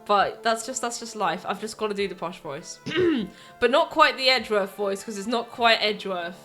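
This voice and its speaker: A woman's voice: mid-range voice, lively intonation, moderate pace, a bit bright. A woman streaming a game, chatting casually and joking about herself while she plays. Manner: chatty and self-mocking. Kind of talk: casual let's-play commentary. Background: faint game music.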